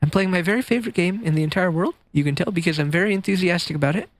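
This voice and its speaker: A man putting on a bored, flat-voiced male gamer lord who sarcastically claims to love his game. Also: high-pitched, very fast, natural voice. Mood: deadpan. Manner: deadpan, monotone sarcasm. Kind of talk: mock streamer intro impression.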